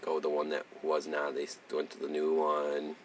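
A young man co-hosting a podcast, chatting casually with rambling, profane, animated storytelling. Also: very deep voice, normal speed, recorded from a distance, slight background noise. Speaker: podcast co-host. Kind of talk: casual chat.

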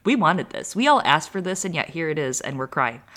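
Lower-voiced woman podcast co-host. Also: big pitch swings, brisk, fairly bright tone. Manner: dramatic, playful storytelling with crude jokes. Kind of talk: casual chat recapping a series.

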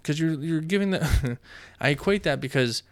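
A man's voice: a little high, lively intonation, moderate pace. A man co-hosting a podcast in loose, profane casual chat, rambling with restarts. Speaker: podcast co-host.

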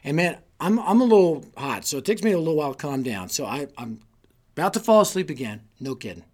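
A man giving an energetic, sermon-style talk to youth leaders, telling stories and rallying them with repeated calls. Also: a little high, quick pace, slightly rough. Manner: energetic storytelling with repetition; exhorting, rallying listeners. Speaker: youth ministry speaker.

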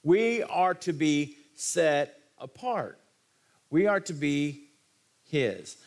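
A man preaching a sermon as pastor, folksy and animated, his voice rising in excited bursts. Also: on the high side, drawn-out words, gravelly.

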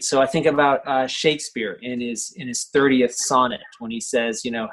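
A male professor lecturing on how poems are built, speaking slowly and with care. His voice is husky and a little rough, and he keeps asking "right?" as he goes. The delivery is relaxed and conversational, with plenty of pauses and fillers. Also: mid-range voice, rough recording. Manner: thoughtful, often checks in with "right?", many fillers. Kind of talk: lecture on poetry craft.

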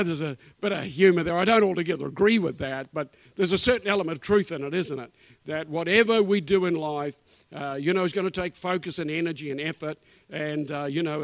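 High-voiced emphatic New preacher. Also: male voice, fairly bright tone, dry recording. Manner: emphatic, repetitive preaching cadence with asides. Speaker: guest preacher. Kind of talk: sermon. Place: church.

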